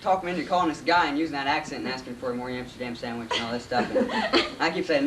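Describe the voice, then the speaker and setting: A man's voice: medium pitch, lively intonation, racing. A man telling a roast story to a crowd in a folksy, loose way. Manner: folksy, loose grammar, jumpy delivery. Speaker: roast speaker. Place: party hall with an audience. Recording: distant home video mic, hiss and crowd.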